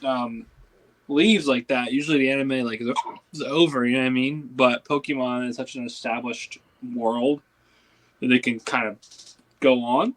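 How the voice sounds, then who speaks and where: Rambling co-host with the hiccups. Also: male voice, medium pitch, fairly even intonation, normal speed, fairly bright tone, poor audio. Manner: rambling, lots of "like" and restarts. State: has the hiccups. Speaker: podcast co-host. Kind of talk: casual podcast chat.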